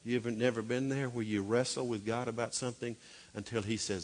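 A middle-aged man preaching a sermon, swinging from loud, urgent exhortation to hushed, intimate storytelling. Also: mid-range voice, fairly even intonation, fairly quick, big-room sound, a little hiss or hum. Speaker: pastor.

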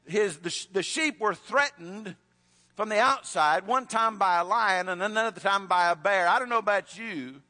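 A man's voice: high-pitched, pushed and bright, in a large hall. A male preacher, telling a Bible story in a conversational sermon with frequent restarts.

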